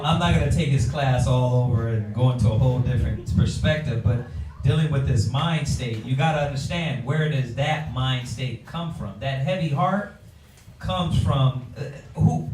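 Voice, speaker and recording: A man's voice: medium pitch, normal speed. Man preaching from far off. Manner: preachy, playful, acts out quoted lines. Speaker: group teacher. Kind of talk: religious group discussion. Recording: roomy sound from a distant mic, faint noise.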